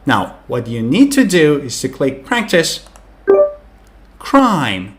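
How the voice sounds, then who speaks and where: A man teaching English pronunciation in an online lesson, explaining clearly and sounding out words slowly to demonstrate. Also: on the high side, sing-song, loud music behind the voice.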